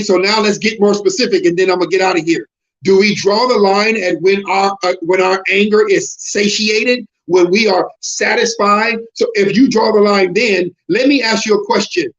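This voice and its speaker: A man with a notably high voice preaches a sermon, pressing his point with rhetorical questions and repeated words. The audio is dull and lo-fi, like an older broadcast. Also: a bit bright.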